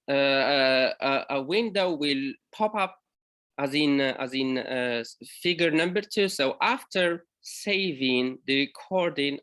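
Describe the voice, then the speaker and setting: With a voice on the high side and a touch of brightness, a Moroccan academic gives a conference presentation, his delivery broken up by frequent pauses and self-corrections.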